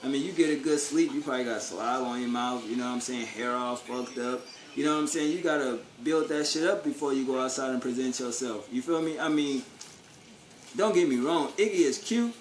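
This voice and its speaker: A man's voice: mid-range voice, fairly quick, a little hiss or hum. Profane, blunt man ranting in echoey room. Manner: blunt, profane street slang, rhetorical questions. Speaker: vlogger. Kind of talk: casual opinion rant. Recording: echoey room with faint ambience.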